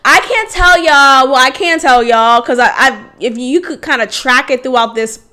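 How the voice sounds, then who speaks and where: A woman hosting a solo podcast, telling a personal story in a casual, animated way that swings into loud, exasperated outbursts. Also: high-pitched, moderate pace. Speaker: podcast host.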